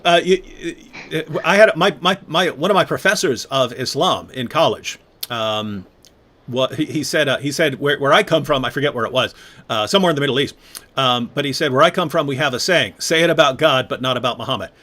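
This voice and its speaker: A man hosting a live online conversation, reading viewer questions and retelling stories with lively quoted voices. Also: medium pitch, brisk. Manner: animated, acts out quoted voices. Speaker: host.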